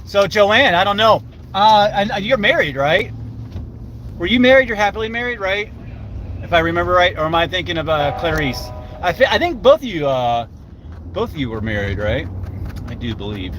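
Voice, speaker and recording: High, bright-voiced older man, cursing freely. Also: big pitch swings, normal speed, slight background noise, low-quality recording. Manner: rambling, profane, chats with viewers by name. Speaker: live streamer. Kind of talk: casual live-stream chat.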